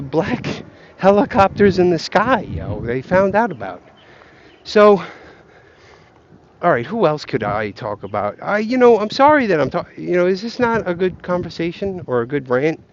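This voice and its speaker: A male vlogger with a high-pitched voice and big pitch swings rants at a moderate pace while walking a path outside. Profane and rambling, he jokes straight to his viewers. The highs are cut off, and there's a little hiss or hum.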